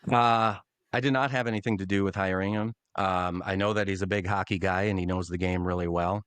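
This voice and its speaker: A middle-aged man, a longtime public address announcer, telling animated stories in a casual podcast interview. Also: low-pitched, fairly quick, clean tone, dry recording. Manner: animated storyteller, acts out quotes.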